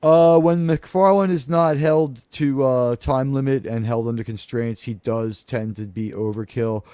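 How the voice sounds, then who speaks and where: A man's voice: medium pitch, a little slow, dark tone, smooth, no room sound, studio quality. A man hosting a casual podcast panel, talking in a rambling, sarcastic way with mocking asides. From United States.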